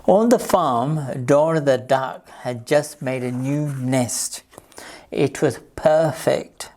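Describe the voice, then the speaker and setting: A woman reading a picture book aloud to children as a library storyteller, in a slow, gentle, clear manner. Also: very deep voice.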